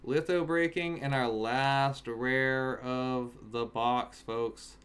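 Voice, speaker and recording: A man casually chatting on a home stream while opening card packs, breaking into excited shouts over good pulls. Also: mid-range voice, slow pace, few pauses, clean tone. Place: home, in Alaska. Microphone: webcam setup.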